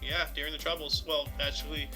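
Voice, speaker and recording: A man hosts a laid-back podcast and reads out history facts. He wanders into jokes and quick asides. His voice sits high and sounds very bright and sharp. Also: little pitch movement, soft background music. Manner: joking, rambling, quick asides. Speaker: podcast host. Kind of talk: casual chat reading history facts.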